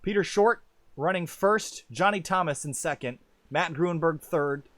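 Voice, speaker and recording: Excitable male sim racing commentator. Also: measured pace, no echo. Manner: chatty and self-deprecating, swings up in pitch on race calls. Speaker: lead race commentator.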